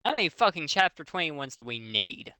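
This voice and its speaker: A man's voice: a little high, sing-song, a little fast, pushed and bright. A man doing a mocking comedic reading of a bad fanfic aloud to friends, swearing often. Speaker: reader of a fanfic.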